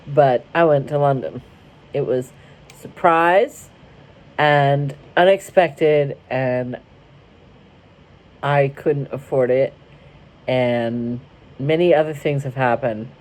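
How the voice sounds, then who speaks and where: A woman's voice: rumbling low, animated, takes it slowly, pauses often, a little mellow. A young woman from Florida telling a rambling, wry story to camera, interrupting herself as she goes. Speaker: vlogger. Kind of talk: casual storytelling. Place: car.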